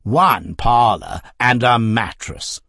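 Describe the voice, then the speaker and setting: Man doing a placid middle-aged wife, curt, husky, dry. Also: medium pitch, slow pace, dry recording, exaggerated voice. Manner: calm, curt.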